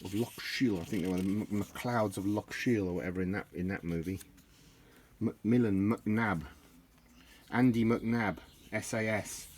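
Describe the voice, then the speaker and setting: Middle-aged man, lowish voice, joking and rambling, laughs at his own gags, home camera mic, faint hiss. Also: normal speed, a little mellow. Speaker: vlogger leafing through an old tartan book. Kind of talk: rambling casual chat.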